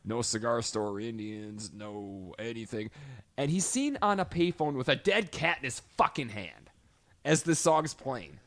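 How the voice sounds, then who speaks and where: A young man co-hosting a podcast, chatting casually and profanely about a movie and shouting out lines from it. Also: mid-range voice, lively intonation, unhurried. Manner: profane, emphatic, mimics lines loudly. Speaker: podcast co-host. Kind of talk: casual film discussion.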